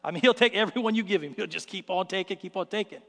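A man preaching a sermon as pastor, telling stories in an animated way and acting out the scenes. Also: high voice, racing, creaky, big-room sound.

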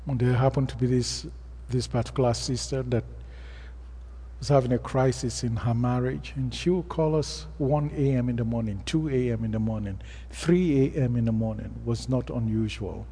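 A man's voice: mid-range voice, moderate pace, mellow, slightly rough. A man with an African accent, a pastor preaching a sermon and telling stories in a plain, earnest way. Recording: long reverb of a hall.

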